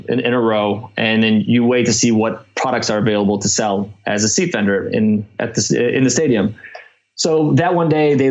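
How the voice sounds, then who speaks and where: A man's voice: medium pitch, lo-fi sound. A young man from Chicago, a podcast guest telling a story in a casual, rambling way with lots of fillers.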